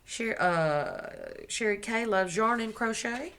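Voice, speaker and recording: A woman's voice: on the high side, expressive, slow, fairly bright tone. A woman crochet vlogger chatting casually to the camera at home, gushing as she shows off her gifts and correcting herself as she goes. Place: at home indoors.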